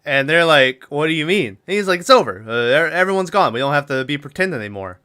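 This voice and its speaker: A man's voice: on the high side, sing-song, fast, sharp tone, smooth. A man co-hosting a podcast, casually recapping a film's plot in a rambling way, laughing often and acting out lines. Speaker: podcast co-host.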